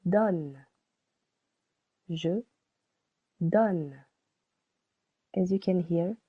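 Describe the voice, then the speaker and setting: A woman giving a scripted language lesson, speaking slowly and deliberately and repeating each word for learners to copy. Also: lowish voice, warm tone, no room sound. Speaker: French teacher. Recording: dry, tinny phone-like sound.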